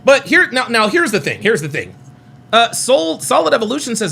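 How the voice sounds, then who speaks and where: A man's voice: sits high, huge pitch swings, brisk, gravelly, bright, forceful tone, husky. A man in his forties chatting casually on a live stream, rambling, repeating himself and reading chat comments aloud. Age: 40s. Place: home near Reno.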